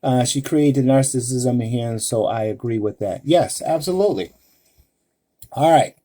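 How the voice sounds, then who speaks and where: A man's voice: medium pitch, moderate pace, mellow. A man hosting a live-stream advice talk, speaking emphatically to women listeners and asking rhetorical questions. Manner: addresses women listeners directly. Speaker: relationship advice host.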